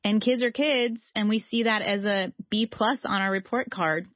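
A woman speaking as a podcast guest, telling a story in an animated, conversational way and acting out the voices she quotes. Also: mid-range voice, normal speed, dry recording, highs cut off.

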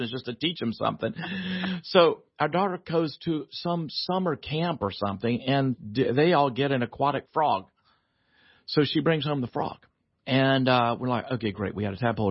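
A man, a guest author on a radio talk show, telling a family story in a lively way, laughing often and acting out the voices. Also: medium pitch, husky, dry recording, dull audio.

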